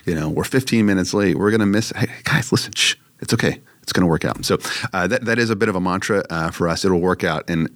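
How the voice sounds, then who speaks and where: A man's voice: low-pitched, fast, few pauses, no room sound. A man, a church leader, talking casually about leadership with many fillers and restarts.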